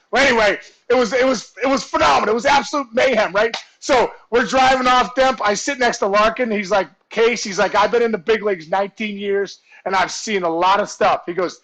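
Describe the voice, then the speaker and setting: A man telling a story over a video call, animated and throwing himself into every voice and shout. His voice sits high, with a gravelly edge running through it. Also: fairly quick, low-quality recording. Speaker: guest storyteller, former ballplayer. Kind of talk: casual storytelling chat.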